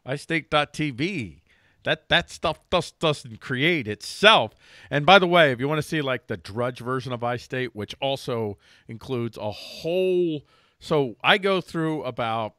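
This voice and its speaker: A man with a bright, forceful voice hosting a political commentary chat. He is agreeable and energetic, often pushing ahead in a hurry. The recording is dry and close. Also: mid-range voice, a little slow, no room sound. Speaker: show host.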